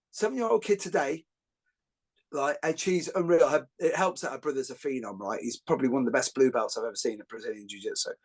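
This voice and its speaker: A middle-aged man, hosting a podcast and telling jokey stories in a lively, rambling way with many fillers and restarts. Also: a little high. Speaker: podcast host. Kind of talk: casual podcast conversation.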